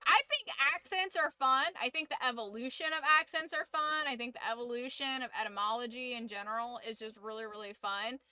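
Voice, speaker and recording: Bright-voiced, profane woman ranting. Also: fairly high pitch, a little fast, few pauses, clean tone, no room sound. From United States. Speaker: streamer and channel host. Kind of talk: casual livestream chat.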